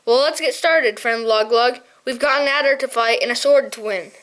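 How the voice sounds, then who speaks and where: A woman's voice: on the high side, normal speed, a bit bright, lightly acted. A woman reading an audiobook, voicing a young male mouse warrior who speaks curtly and impatiently. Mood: relieved.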